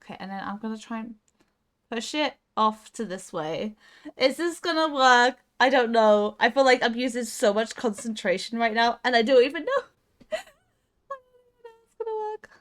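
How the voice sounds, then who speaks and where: A woman's voice: a little high, normal speed. A young woman streaming a game live, coaching herself through tense moves and chatting back to her viewers. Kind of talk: casual live gaming stream.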